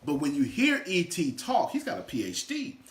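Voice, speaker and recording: Male motivational coach, animated and bright, lively pitch, echoey room. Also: moderate pace, crowd noise. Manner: animated, swings from loud shouts to quiet asides. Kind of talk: energetic motivational teaching. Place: room with a small live audience.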